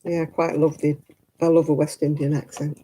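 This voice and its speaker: A woman's voice: deep voice, level tone, brisk, warm tone, breathy edge, low-quality recording. A middle-aged woman, hosting a casual craft livestream, chatty and candid with frequent laughs. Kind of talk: casual live chat while knitting.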